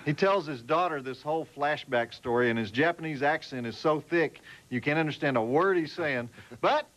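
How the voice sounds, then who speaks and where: A man with a Southern accent hosting a late-night movie show with deadpan wisecracks. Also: on the high side, normal speed. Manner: drawling, deadpan jokes. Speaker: host.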